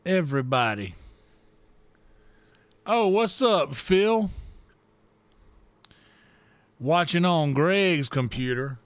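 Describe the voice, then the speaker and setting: A man's voice: fairly high pitch, big pitch swings, very slow, long pauses, no echo. A man hosting a gaming livestream, greeting and teasing his chat in a playful way and drawing words out in a singsong. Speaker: livestream host. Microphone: desk microphone.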